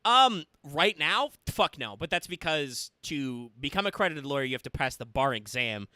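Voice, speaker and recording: A man's voice: on the high side, sing-song, moderate pace, bright, forceful tone, dry recording, studio quality. A man casually commentating a game stream, explaining at length and swearing freely. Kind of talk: casual let's-play commentary.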